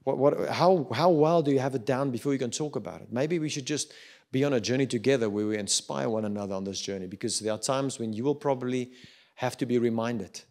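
A middle-aged man with a South African accent preaching a sermon, swinging between loud urging and quiet reflection. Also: medium pitch, brisk. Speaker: pastor.

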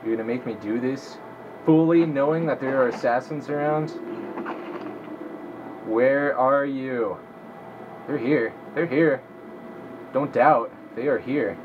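In lo-fi audio with background noise, a young man speaks at normal speed in a medium-pitched voice. He gives profanity-laden, casual let's-play commentary, talking to himself as he plays.

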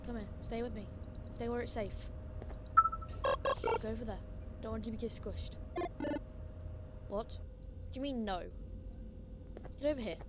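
A woman's voice: a little high, a little slow, pauses often, very noisy. A woman playing a horror game, easily startled and pleading with a companion. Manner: jumpy, frequently startled and shrieking; coaxing a companion in a soft voice. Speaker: gaming streamer. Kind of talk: horror game let's play. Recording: game music loud behind voice. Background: loud game music.

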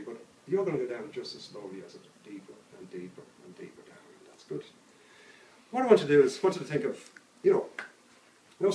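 A man working as a street hypnotist, talking a subject into a trance with coaxing, repetitive suggestions. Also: mid-range voice. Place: outdoors on a street. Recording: roomy, distant mic with faint background noise.

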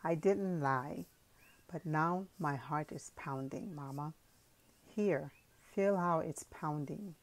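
Woman reading grown son, low voice, quiet, joking, audiobook. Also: takes it slowly. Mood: teasing, strained. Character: grown son, teasing young man.

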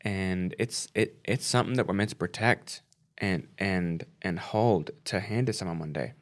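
Man, 40s, podcast co-host with a very deep voice; halting, emotional, stumbles over words. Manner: halting, holds back tears, repeats words.

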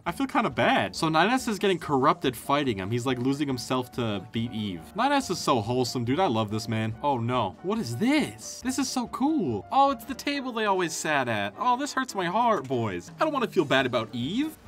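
A young man giving casual, joking commentary over a video game, with excited outbursts. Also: on the high side, normal speed, few pauses. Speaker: gaming YouTuber. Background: game music.

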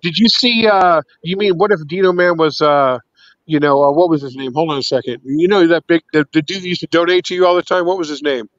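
High-voiced man rambling with heavy swearing. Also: fairly even intonation, a little fast, fairly bright tone, dry recording, highs cut off. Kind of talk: casual profane banter.

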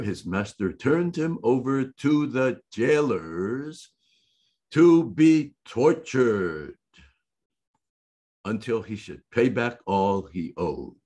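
A male preacher reads scripture slowly and deliberately, pausing on each verse. His voice is low and a little husky, and his pitch rises and falls a lot as he stresses key words. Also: a little mellow. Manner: slow, deliberate reading with emphatic repetition. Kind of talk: sermon reading and explaining scripture.

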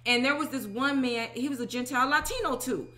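A woman in her thirties giving an animated, emphatic personal testimony, often asking "okay?". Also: high-pitched, a little fast. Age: 30s. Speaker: religious teacher.

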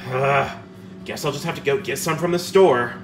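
A man's voice: medium pitch, moderate pace, music in the background, lightly acted. A man voicing Sonic, a cocky young hedgehog hero who gets nervous and talks to himself, in a fan plush video. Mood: annoyed.

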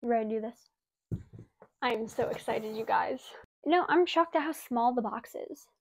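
High-voiced young woman gushing excitedly. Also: normal speed. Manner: gushing, excitable, many "like" and "oh my gosh". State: slightly out of breath. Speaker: vlogger. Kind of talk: casual unboxing vlog. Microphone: wireless mic.

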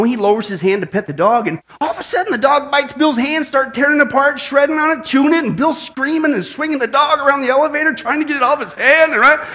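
Male pastor, playful storyteller preaching a sermon, high and bright. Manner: playful storyteller, asks the crowd "right?". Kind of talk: sermon with jokes.

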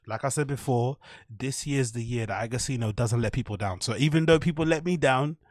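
In a dry, studio-quality recording, a man of medium pitch hosts a podcast and spins a story. His telling is casual, chatty, and sweary, with lots of "like" and repeated phrases.

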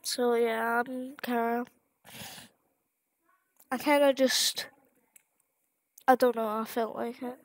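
A woman giving casual commentary while she plays a video game, rambling along with plenty of fillers. She talks slowly, and her voice sits fairly high for a woman. The sound is close and dry. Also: level tone, dry recording. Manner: rambling, with many fillers and restarts. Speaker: gamer.

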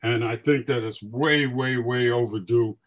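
An older man guests on a morning radio show, telling his stories with lots of animation. He acts out the other people's lines as he goes. His voice sits at an ordinary middle pitch. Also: a little slow, rough recording. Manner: animated storyteller, acts out quotes. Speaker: guest photographer. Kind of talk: casual storytelling.

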